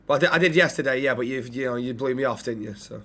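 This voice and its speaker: A man streaming game roleplay as a restaurant manager, animated and swearing. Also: medium pitch, fast talker. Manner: animated, swearing, mock-stern.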